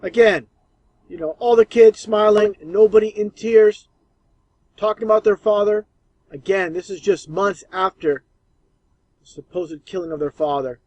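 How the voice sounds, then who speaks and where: A man's voice: high voice, measured pace, pauses often, darkish tone, no echo, dull audio. A man giving scornful, emphatic commentary over archive clips.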